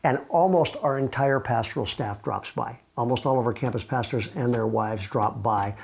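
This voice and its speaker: A middle-aged male pastor speaks earnestly from his chair at home in a medium-pitched voice. His talk is loose and conversational, with frequent restarts as he works through his thoughts. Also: moderate pace, vocal fry. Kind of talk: casual devotional talk to camera. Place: at home, seated with knee propped up.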